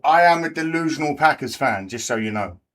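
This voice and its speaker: A man's voice: medium pitch, animated, a little fast, fairly bright tone, a little hiss or hum. Brief: English male stream host, crude chatty banter with viewers, mid-range voice. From England. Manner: swearing, bantering with chat. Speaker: livestream host. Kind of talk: live race watch-party chat.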